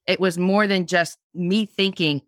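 A woman's voice: on the low side, fairly even intonation, unhurried, no echo, studio quality. A woman guest on a podcast interview, talking casually about her craft, with frequent restarts and repeated words. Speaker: guest, blogging teacher.

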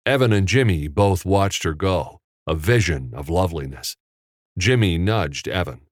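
A male narrator reads a novel in a measured, steady storytelling style, his voice sitting on the low side. The recording is dry and close, with no room sound at all. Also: no room sound. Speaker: audiobook narrator. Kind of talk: scripted audiobook narration.

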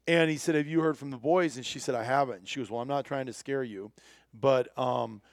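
Lively storytelling man, dry close sound. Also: mid-range voice, a little fast, no echo. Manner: animated storyteller, acts out quoted voices. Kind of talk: casual storytelling chat.

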